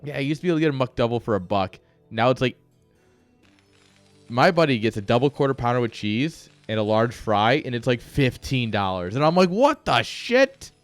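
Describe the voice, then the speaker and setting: A man's voice: mid-range voice, brisk, no room sound, faint music behind. A man casting a strategy game on a live stream, rambling off-topic and joking at his own expense. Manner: rambling, joking asides, chuckles at himself. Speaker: esports caster.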